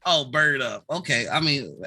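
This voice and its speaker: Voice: mid-range voice, animated, normal speed, sharp tone, husky. A co-host opening a casual live-stream show, rowdy, laughing often and swearing freely.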